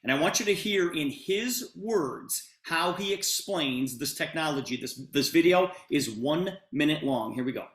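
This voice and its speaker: A man's voice: on the high side, lively intonation, a little slow, hardly any pauses, fairly bright tone, roomy sound. A man giving a sales presentation, retelling a conversation with lots of quoted dialogue. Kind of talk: storytelling sales pitch.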